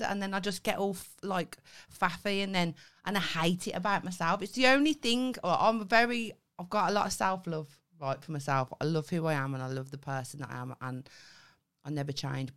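A woman's voice: medium pitch, a bit bright. A woman co-hosting a comedy podcast in casual chat, defensive and earnest, laughing often. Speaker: podcast co-host.

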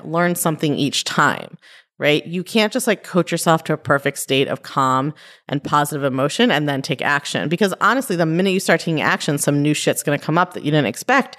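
Low-voiced woman podcaster, chatty and blunt. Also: a bit bright. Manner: conversational, frequent "like" and "right?", mild swearing. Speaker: podcast host and life coach. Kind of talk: casual solo podcast talk.

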